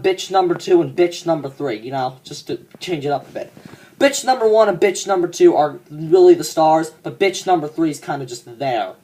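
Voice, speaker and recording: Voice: medium pitch, a little mellow, close to an everyday voice. A fan performer voicing a cocky young man who rants smugly and swears a lot about a coworker, in a comedic monologue. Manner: ranting, profane and smug.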